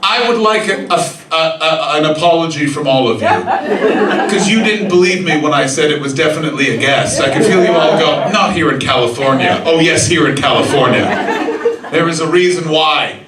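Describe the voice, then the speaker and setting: A man doing stand-up crowd work on a comedy club stage, talking with the audience and breaking into loud, excited impressions. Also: fairly high pitch, normal speed. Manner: animated, shouting impressions of excited people. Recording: roomy club sound from far off, crowd laughter.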